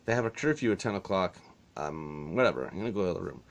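Man, exasperated vlogger, sarcastic, swears, very lively pitch. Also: fast talker. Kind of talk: casual storytelling vlog.

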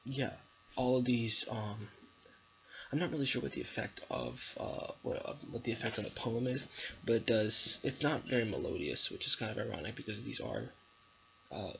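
A man's voice: lowish voice, gravelly, fairly bright tone. A young male student giving a hesitant spoken analysis of a poem, with many ums and restarts. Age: young adult. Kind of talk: recorded literary analysis presentation. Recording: dull lo-fi recording with faint background noise.

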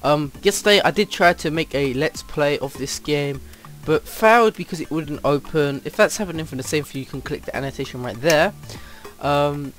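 A man's voice: fairly high pitch, normal speed, fairly bright tone, faint music behind. A man giving casual let's play commentary at his computer, rambling and flustered, with lots of ums. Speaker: gamer.

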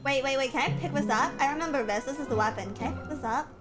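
A woman's voice: sits high, fast talker. A woman streaming a game, chatting casually and playfully with viewers, giggling and putting on mock-dramatic whines. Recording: music playing behind the voice.

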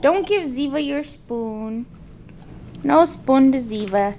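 Woman, high sing-song baby talk, slow and lively, filmed at home on a handheld camera. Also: slight background noise. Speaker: parent filming a toddler. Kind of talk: baby talk at the dinner table.

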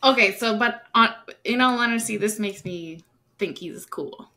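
A woman's voice: medium pitch, normal speed, pushed and bright. A woman co-hosting a casual podcast, chatty and giggly, giving friendly advice. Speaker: podcast co-host. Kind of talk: casual chat.

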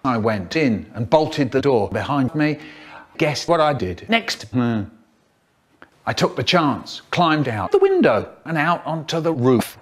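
A man's voice: medium pitch, a little slow. A man telling a comic tale, acting out the people in it as he goes. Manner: animated, acts out each line. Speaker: storyteller. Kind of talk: comic storytelling with character voices.

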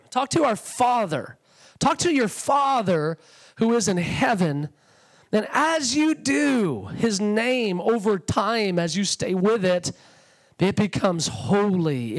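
A male guest preacher with a strikingly high voice delivers a fervent, conversational sermon. His pitch swings widely as he acts out quoted thoughts. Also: poor audio. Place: church sanctuary.

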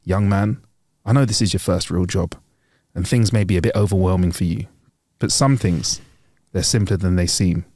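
A deep, grave voice for a stern male hotel manager, delivering measured advice, as a man puts him on. The delivery is dry and close-miked, with the pitch pressed a little below the speaker's normal talk. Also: a little mellow, slightly rough, no echo. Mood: grave, wise.

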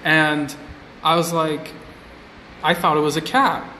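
A man's voice: fairly high pitch, flat delivery, slow pace, pushed and bright, slight background noise. A man chatting casually to viewers on a phone live stream, rambling and repeating himself with lots of filler likes. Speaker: vlogger on an Instagram live stream. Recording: roomy phone audio with a long reverb tail.

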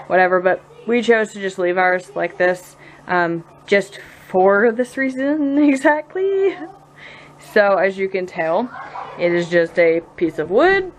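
Indoors at home, a Southern US woman in her thirties, a mother and vlogger, chats easily and laughs a lot as she tells stories, doing lively impressions. Her voice sits on the low side, with a faint hiss or hum in the recording.

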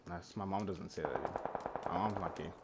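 A young man streaming a battle royale game, casually teasing his friend and ordering him to hush. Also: sits low, normal speed. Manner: teasing, bossy, drops to a hush then shouts. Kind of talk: casual gaming chat. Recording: faint background noise.

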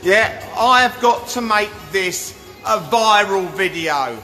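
A man hosting a hot tub giveaway livestream, hyping up his viewers with a pushy sales pitch and constantly asking "yeah?". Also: expressive, slow, bright, forceful tone. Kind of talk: live-stream sales pitch. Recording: echoey room with music behind.

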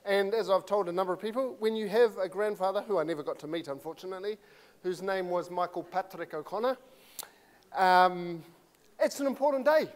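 A man opens a church service, chatting and joking about himself. His voice sits high. He speaks into a clip-on microphone. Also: brisk, in a large hall. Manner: chatty, joking, self-deprecating. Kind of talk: casual sermon introduction.

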